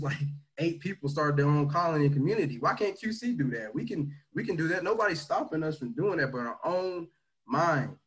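A man leading a motivational livestream talk on leadership, energetic and slangy, swinging between loud pushes and quieter asides. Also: fairly high pitch, low-quality recording. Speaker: team leader teaching leadership.

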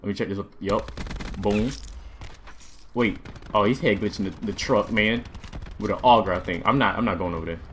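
A young man giving excited gameplay commentary as a gaming video host, loud and jumpy, repeating himself in bursts. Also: on the low side, moderate pace, long pauses, a little hiss or hum. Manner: hyped, loud outbursts, repeats phrases, laughing. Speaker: gaming YouTuber. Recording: faint music and gunfire behind.

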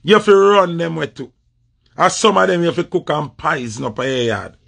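A man's voice: fairly high pitch, a little fast, creaky, fairly bright tone. A man with a Jamaican accent delivering a confrontational, repetitive rant in patois. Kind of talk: heated social media rant.

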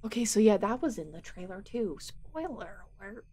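A woman streamer giving live gameplay commentary, excitable, swearing and laughing as she talks to her chat. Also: mid-range voice, moderate pace, breathy edge.

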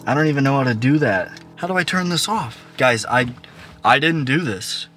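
A man's voice: mid-range voice, normal speed. Jumpy man ghost-hunting outdoors. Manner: excitable, jumpy, swears often. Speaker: paranormal investigator, vlog host. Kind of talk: on-the-spot ghost-hunting vlog. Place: outdoors at a bridge in rural woodland. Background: music under the voice.

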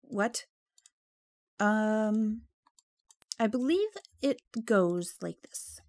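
Slow-talking gravelly woman gaming. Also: medium pitch, animated, a little mellow, no room sound. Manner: chatty, easily flustered, jumpy exclamations; drops into whispers when nervous. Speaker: gameplay commentator. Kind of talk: casual gameplay commentary.

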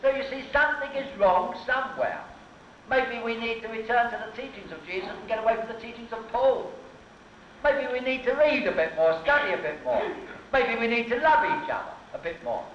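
A high-pitched man with a bright, piercing voice harangues an open-air crowd from a soapbox. He is provocative and bantering. The sound is dull and echoey old documentary film audio. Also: slight background noise. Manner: provocative, hectoring, bantering with hecklers. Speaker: soapbox orator. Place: outdoor speakers' corner before a crowd.

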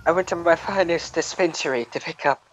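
A man's voice: fairly high pitch, fairly quick. A man chatting with a friend over a game, laid-back and amused, swearing casually. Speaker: gaming friend. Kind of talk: casual chat over gameplay. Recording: muffled lo-fi audio with faint music.

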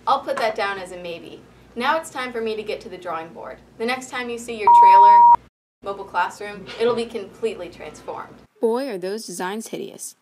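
A woman's voice: fairly high pitch, wildly swooping pitch, brisk, darkish tone. A teenage girl hosting a parody home design show with upbeat, mock-earnest presenter patter. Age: teens. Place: school building indoors. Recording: distant mic with faint noise.

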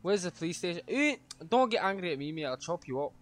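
A man's voice: sits high, big pitch swings, fast. A young man, livestreaming a game and ranting profanely at the characters on screen. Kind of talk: live gameplay commentary.

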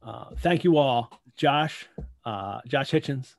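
A man hosting a live video call, giving heartfelt, halting thanks to his co-hosts and audience while holding back tears. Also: mid-range voice, expressive, creaky, dry recording. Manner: heartfelt, halting, many restarts. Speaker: host. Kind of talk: emotional closing remarks on a live video call.

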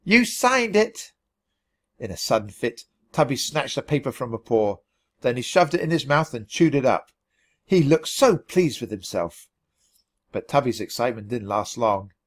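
A man reading a children's storybook aloud for learners, in an expressive, animated way. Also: mid-range voice, moderate pace. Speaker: storybook reader.

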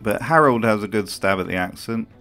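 A man's voice: on the low side, a little fast, a bit bright, soft background music. A man giving scripted commentary for a video, sarcastic and profane in his remarks.

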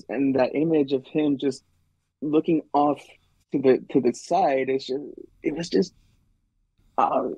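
A man's voice: a little high, dark tone, breathy edge, no room sound. A man being interviewed about his artwork, easygoing and laid-back in casual chat. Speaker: guest card artist.

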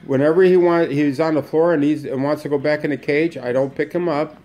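A man's voice: steady tone, fairly quick, warm tone, slight background noise. A man casually narrating a home video about his pet parakeets. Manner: talks to the bird in a high coaxing sing-song. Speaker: pet bird owner filming his parakeets. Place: room at home with birds.

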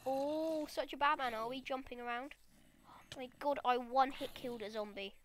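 A woman giving excitable let's play commentary, chattering at the monsters in her game. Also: sits high, normal speed, slight background noise. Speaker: gamer.

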